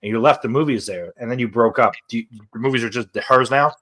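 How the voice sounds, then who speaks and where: Young male podcast co-host, medium pitch, rambling filler-heavy delivery, casual banter. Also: quick pace, fairly bright tone. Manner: rambling hypotheticals, lots of "like". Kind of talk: casual chat.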